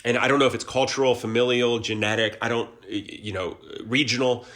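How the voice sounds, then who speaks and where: A man's voice: mid-range voice, fairly even intonation, brisk, fairly bright tone. A man in his forties, from Ohio, talking earnestly and reflectively as an interview guest, often restarting his sentences. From Columbus, Ohio. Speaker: guest, actor and musician. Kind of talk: casual conversational interview.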